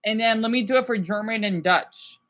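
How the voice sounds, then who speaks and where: A chatty woman plays teacher to a pretend class and walks through language comparisons. Her voice sits a little high, and she talks eagerly, restarting and hedging as she goes. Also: a little fast, muffled recording. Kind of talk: casual language lesson.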